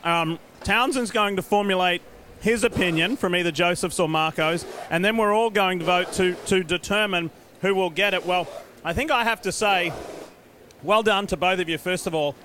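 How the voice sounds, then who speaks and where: A man with an Australian accent hosting a live motorsport broadcast in upbeat, quick emcee patter. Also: high voice, pushed and bright, slight background noise. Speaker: broadcast host.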